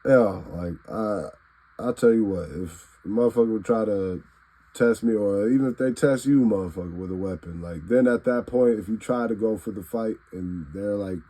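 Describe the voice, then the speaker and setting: Laid-back low-voiced man ranting profanely. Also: normal speed, warm tone, poor audio. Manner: profane, blunt, rambling, acts out what he'd say to people. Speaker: vlogger. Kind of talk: casual rant to camera.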